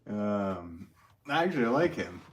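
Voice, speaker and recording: A man's voice: fairly low pitch, very animated, unhurried. A man from Connecticut, a potter, chatting casually and reading out comments on a live stream. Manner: rambling, easygoing, many fillers. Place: pottery studio. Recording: noisy background.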